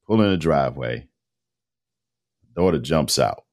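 Guesting on a podcast, a middle-aged man who works in voice-over relays a lengthy story from his life, slangy and relaxed, performing each line of dialogue. He has an animated bass voice with a darkish tone and talks a little slowly.

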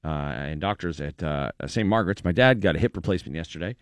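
Radio host guy, kinda low voice, laid back, lots of uhs, dry studio sound. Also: quick pace, no room sound. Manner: relaxed storytelling, many uh fillers. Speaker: radio morning show host. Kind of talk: casual radio chat.

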